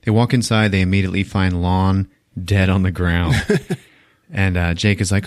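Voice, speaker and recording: A man's voice: sits low, moderate pace, darkish tone, dry recording, clean studio sound. A man hosting a podcast, recapping a movie in a laid-back, swearing, laughing way. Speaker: podcast host.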